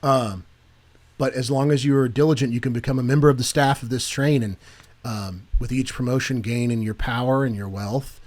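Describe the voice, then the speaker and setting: Animated man co-hosting a faith podcast. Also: mid-range voice, moderate pace. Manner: animated, joking, then earnest and preachy. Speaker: podcast co-host. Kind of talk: casual faith chat.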